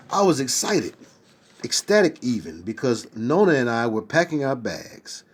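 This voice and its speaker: A man reads a memoir aloud at an even pace. His voice sits in a middle pitch. He sometimes stops to add his own slangy remarks. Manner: steady read-aloud voice, breaking off into excited slangy asides. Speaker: reader.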